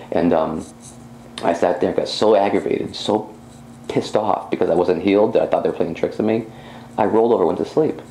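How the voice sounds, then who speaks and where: A man with a deep, gravelly voice and a dark, mellow tone tells his own story as a personal testimony. He acts out his own words as he recounts them. The sound is roomy and echoey, with a faint hum behind it. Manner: animated storytelling, reenacting his own speech. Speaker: psychic medium.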